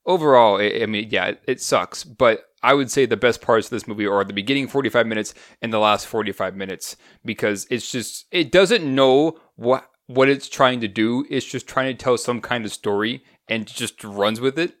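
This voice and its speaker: A man's voice: medium pitch, moderate pace, few pauses, no echo, clean studio sound. A man in casual podcast talk, rambling through a movie review with restarts. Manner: rambling, restarts, animated retelling. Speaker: podcast co-host.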